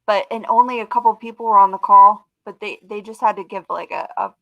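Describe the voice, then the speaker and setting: Middle-aged woman, webcast guest, animated casual storyteller, dry close sound. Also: medium pitch, a little fast, creaky, no echo, lo-fi sound. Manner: animated storyteller, lots of "like" and "dude". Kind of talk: casual chat on a live webcast.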